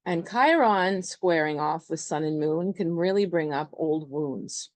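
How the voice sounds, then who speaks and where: A woman's voice: deep voice, unhurried, a little mellow, dry recording. A woman astrologer talking through a chart in a chatty, loose way, full of fillers. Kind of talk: casual astrology explanation.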